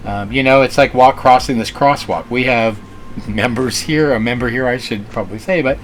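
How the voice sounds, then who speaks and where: A man's voice: medium pitch, normal speed, soft background music. A man who co-owns a restaurant, telling stories in a casual interview with an earnest manner and lots of fillers and restarts. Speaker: restaurant co-owner.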